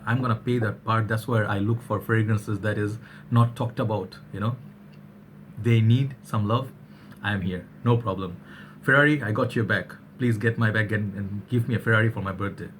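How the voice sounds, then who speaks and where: Guy reviewing fragrances, low voice, chatty and upbeat, faint hiss behind. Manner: chatty, energetic, keeps saying "all right". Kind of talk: casual chat to camera.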